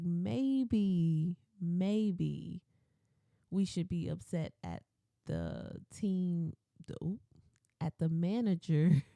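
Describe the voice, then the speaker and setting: A young woman hosts a podcast alone and tells stories about her old workplaces. Her voice is very dark and mellow, and it sits a little low. She acts out her coworkers with lively quoted voices, and the recording is dry and close. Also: creaky, no echo. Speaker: podcast host. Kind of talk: casual storytelling monologue.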